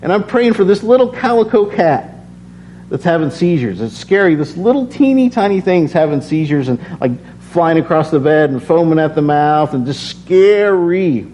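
A man's voice: on the high side, expressive, moderate pace, dark tone. A worn-out man giving a casual, earnest sermon, reading scripture and then telling personal stories, often repeating phrases as he builds. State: tired. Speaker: preacher. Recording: slightly dull recording with faint hum.

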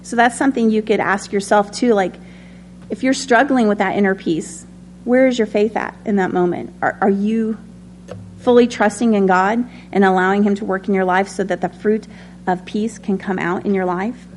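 A woman's voice: medium pitch, fairly even intonation, normal speed, slight background noise. Woman teaching a conversational sermon. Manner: warm, personal, talks with many ums and light laughs. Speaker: Bible study teacher.

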